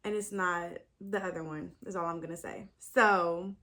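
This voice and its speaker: A woman's voice: on the low side, fairly even intonation, moderate pace, pushed and bright. A young woman, talking casually to the camera as a book vlogger, thinking aloud with sudden exclamations. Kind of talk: casual chat.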